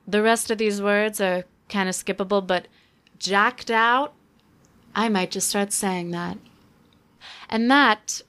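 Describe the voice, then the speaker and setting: A young woman chats through her solo podcast with a wry, offhand humor. She rambles, stacks fillers and throws in dry asides as she goes. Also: medium pitch. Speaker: podcast host. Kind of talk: casual solo podcast chat.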